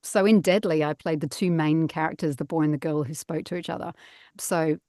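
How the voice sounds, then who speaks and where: A woman's voice: low-pitched, fairly even intonation, fairly quick, a little mellow, dry recording, studio quality. A middle-aged woman, a voice actor guest, chatting casually and self-mockingly from her padded home booth. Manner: self-mocking, laughs often. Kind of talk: casual interview chat.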